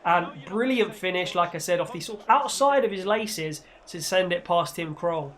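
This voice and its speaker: A man with a fairly high voice commentates on a football video game in a playful, chatty way. He rattles along between moves and jumps into excited mock-broadcaster shouts whenever the action heats up. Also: moderate pace. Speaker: gaming channel host.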